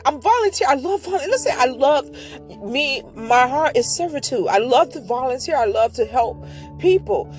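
Chatty rambling woman podcast host. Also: high-pitched. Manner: chatty and rambling, with lots of fillers; devout, often mentioning God. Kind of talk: casual storytelling monologue.

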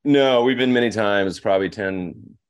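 Male podcast guest, deep register, loose rambling delivery full of fillers. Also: normal speed, smooth. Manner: rambling, with many fillers and restarts. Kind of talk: casual podcast conversation.

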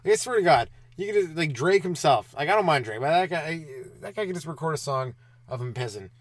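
A young man hosting his own comedy podcast, riffing and ranting alone with lots of swearing and quick mocking asides. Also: a little high, lively intonation, no echo. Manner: profane, riffing, mocking voices mid-rant. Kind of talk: rambling solo comedy podcast.

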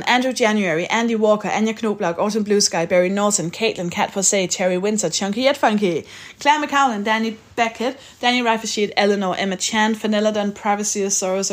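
A woman hosting a podcast, chatting and reading out the names of supporters. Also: medium pitch. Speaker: podcast host. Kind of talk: casual chat and read-out outro.

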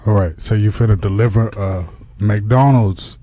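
A man's voice: on the low side, unhurried, mellow. A man hosting a comedic chat, teasing and incredulous, steering the talk. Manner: teasing, incredulous, takes charge. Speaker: host. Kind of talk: comedic banter.

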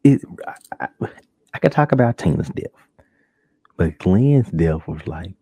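In a dull, lo-fi home recording with no echo, a man hosts his own casual podcast. He speaks unhurriedly with long pauses and a slightly rough voice, narrating animatedly and mimicking shock in a high voice.

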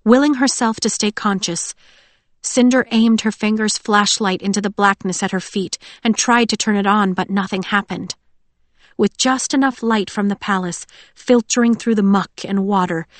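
A woman narrating a novel in a steady, even storytelling voice. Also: medium pitch, no echo. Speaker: audiobook narrator. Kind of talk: scripted narration.

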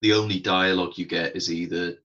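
A man's voice: deep voice, fairly even intonation, a little fast, sharp tone, highs cut off. A man co-hosting a podcast, chatting casually and rambling about a film. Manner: rambling, chatty, laughs often. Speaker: podcast co-host.

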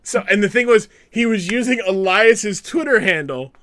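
High bright guy on a podcast, super animated, keeps doing little voices for everyone. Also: normal speed. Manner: animated storyteller acting out quotes. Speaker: podcast co-host. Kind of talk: casual wrestling chat.

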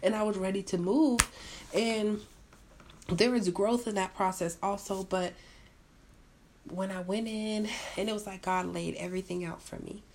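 A young woman co-hosts a casual podcast chat and tells her stories with animated energy, acting out what people said to her. Her voice has a slight gravelly fry and sits at an ordinary middle pitch. The delivery stays loose and conversational. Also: normal speed, a little hiss or hum. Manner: animated storyteller, acts out quotes. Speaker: podcast co-host.

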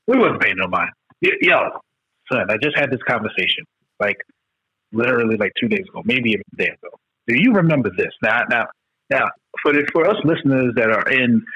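Brief: New man, bright forceful voice with a husky edge, slangy casual podcast banter, muffled lo-fi audio. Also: medium pitch, no room sound. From New York. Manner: animated storytelling, heavy cursing, slangy. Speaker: podcast co-host. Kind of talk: casual chat.

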